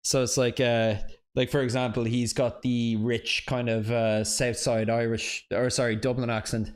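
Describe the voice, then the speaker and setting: A man's voice: medium pitch, little pitch movement, normal speed, smooth. Man, sim racing streamer, casual chat, apologetic, reads chat aloud. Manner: chatty, apologetic, answers viewer chat aloud.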